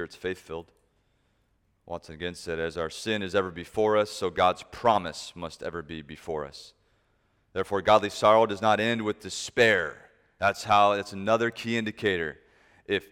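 A man preaching a sermon, emphatic, shifting between loud stressed points and soft asides. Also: deep voice, clear, resonant tone. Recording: long reverb of a large hall.

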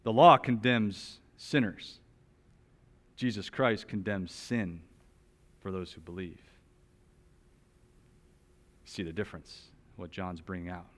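A man preaching an expository sermon. He talks in an animated, emphatic way, rises loudly on some points, and drops to a soft, slow voice on others. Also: deep voice. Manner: animated, emphatic, with wide swings in loudness. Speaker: pastor.

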